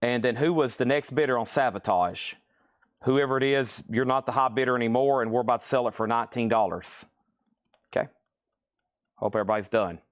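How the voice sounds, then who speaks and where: A man's voice: mid-range voice, fairly quick. A man hosting a live-streamed record sale, calling out bids and repeating item names in a casual, rambling way. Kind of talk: live-stream auction selling.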